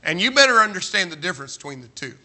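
Pastor guy preaching, super bright sharp voice, jokey and emphatic, lots of questions at the crowd. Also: high voice, big pitch swings. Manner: emphatic, joking, rapid-fire rhetorical questions. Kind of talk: sermon. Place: large church sanctuary.

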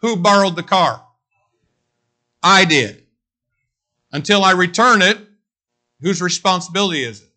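A man preaching a sermon, telling a story in an animated way and speaking straight to his congregation. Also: sits high, measured pace, pauses often. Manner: animated, addresses the congregation directly.

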